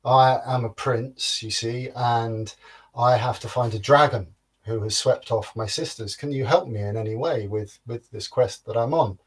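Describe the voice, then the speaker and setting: A man's voice: mid-range voice, normal speed, husky, distant mic, natural voice. A man playing an earnest young prince asking for help on his quest, in a folktale telling.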